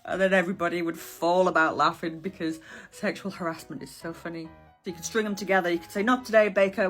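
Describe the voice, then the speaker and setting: A woman's voice: lowish voice, a bit bright. A woman presenting historical slang in a casual chat to camera, with wry, sardonic asides.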